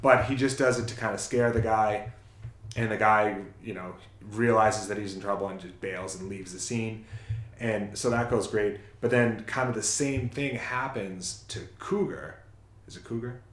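Low-voiced man recapping a movie. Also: fairly even intonation, moderate pace, echoey room. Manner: rambling, self-correcting storyteller. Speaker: podcast co-host. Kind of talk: casual movie recap chat.

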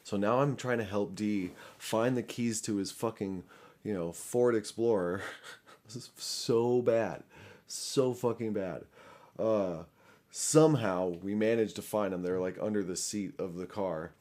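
A man's voice: lowish voice, normal speed, a little mellow. A young man telling a story casually and animatedly, full of fillers, restarts and swearing. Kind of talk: casual anecdote.

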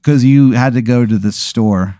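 A man's voice: medium pitch, a little slow, warm tone, no room sound, studio quality. A man hosting a comedic podcast, improvising a hypothetical story in a rambling way full of "like" and "kinda". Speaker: host running an improvised hypothetical.

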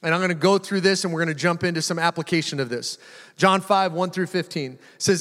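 A man's voice: high voice, brisk, fairly bright tone. A man preaching a sermon, telling a personal story in a casual way and building to fervent proclamation. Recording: hall reverb.

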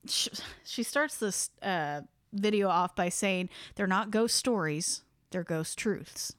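A woman's voice: medium pitch, takes it slowly, fairly bright tone, dry recording, clean studio sound. A woman hosting a podcast, chatting casually as she retells a ghost story, often laughing. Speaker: podcast host.

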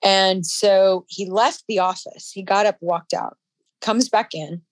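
A woman guest in an interview, telling a personal story in a halting, emotional way with frequent restarts. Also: medium pitch, fairly even intonation, no room sound.

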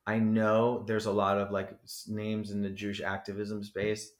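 A man from New Jersey rambles animatedly through an interview, swearing freely. His voice sits somewhat low. The room adds a roomy echo. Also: completely flat delivery, moderate pace. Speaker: rapper, podcast guest. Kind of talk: casual interview chat. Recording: echoey room.

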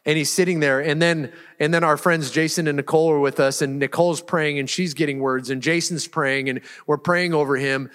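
Casting note: male pastor, slightly high voice, loose and chatty delivery, long church reverb. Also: steady tone, a little fast, hardly any pauses, fairly bright tone, clean tone. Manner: casual, storytelling, restarts often. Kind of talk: sermon. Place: church sanctuary.

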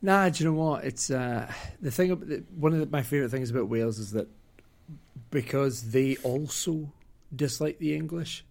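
Gravelly Scottish man joking around. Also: mid-range voice, normal speed, darkish tone. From Scotland. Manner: joking, rambling, full of fillers. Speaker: podcast co-host. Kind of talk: casual podcast chat.

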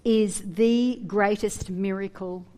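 Woman preacher, earnest sermon, lively delivery, joking asides. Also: mid-range voice, slow. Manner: earnest, animated, with asides and humor.

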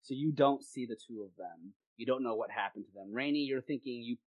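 A game master narrating a tabletop role-playing game in a lively, laughing way with quick asides. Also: medium pitch, no room sound.

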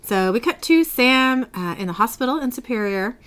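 Woman podcast host recapping an episode, giggly, bouncy pitch. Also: normal speed, clean tone. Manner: giggly, animated storytelling.

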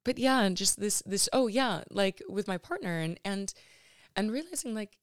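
A woman in her thirties hosting her own podcast, talking personally and emotionally in a halting way with many restarts and fillers. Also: mid-range voice, expressive, dry recording, studio quality. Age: 30s. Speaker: podcast host.

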